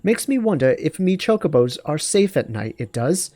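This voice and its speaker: A chatty woman merchant from a fantasy game, voiced by a man pitched way up with a put-on British lilt. The tone stays soft and mellow beneath the raised pitch, gossipy and friendly as she grumbles about the dangers nearby. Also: sing-song, moderate pace, no echo. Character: chatty woman merchant, high and sing-song.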